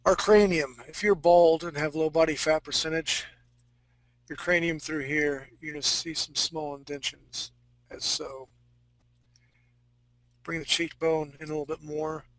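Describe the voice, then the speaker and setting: A man's voice: fairly high pitch, steady tone, measured pace, long pauses, no room sound, poor audio. A man teaching a live fantasy-art drawing class, talking casually and joking with his students. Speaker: art instructor.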